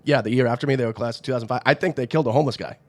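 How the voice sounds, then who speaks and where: A man's voice: medium pitch, very fast, dry recording. A man co-hosting a podcast, telling brash stories in casual chat. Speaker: podcast co-host.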